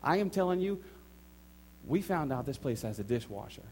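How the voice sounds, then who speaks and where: A man preaching a sermon, telling a personal story with animated acted-out quotes and repeated phrases for emphasis. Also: on the high side, moderate pace. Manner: animated storytelling, acts out his own and others' quotes. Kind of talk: sermon testimony.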